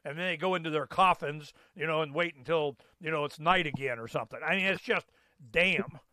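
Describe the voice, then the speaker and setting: A man's voice: a little high, brisk, sharp tone, no room sound, studio quality. A man hosting a talk show, chatting in a loose, folksy way with lots of fillers and restarts. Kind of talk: casual rambling chat.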